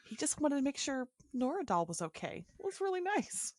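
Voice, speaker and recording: A woman co-hosting a casual TV recap podcast, animated and quick to laugh as she quotes favorite lines. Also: sits high, no room sound, studio quality. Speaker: podcast co-host.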